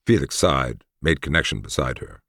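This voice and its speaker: A man narrating an audiobook with measured storytelling into a close studio mic. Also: extremely low pitch, animated, a bit bright, no room sound.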